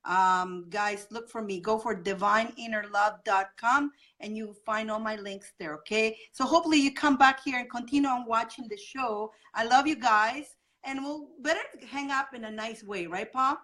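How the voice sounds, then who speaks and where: A woman hosts a live spiritual advice stream and keeps a warm, giggly tone, agreeing readily with her co-host. Her voice is fairly high and bright. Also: normal speed, hardly any pauses. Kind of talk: casual live-stream chat.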